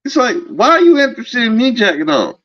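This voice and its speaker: A man's voice: very high-pitched, fairly quick. A man hosting a podcast, talking in a casual, emphatic monologue and acting out the lines of people he quotes. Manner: animated, emphatic, acts out quoted dialogue. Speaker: podcast host. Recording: dull lo-fi recording.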